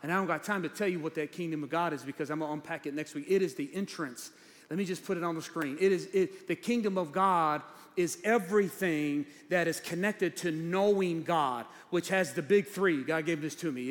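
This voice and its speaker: A man preaching a sermon as pastor, animated, swinging from loud preaching to low asides. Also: brisk. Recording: long hall reverb.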